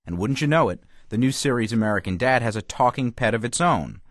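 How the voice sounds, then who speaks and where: A man's voice: medium pitch, animated, brisk, no echo, clean studio sound. A male TV critic delivering a scripted radio review with a wry, emphatic manner.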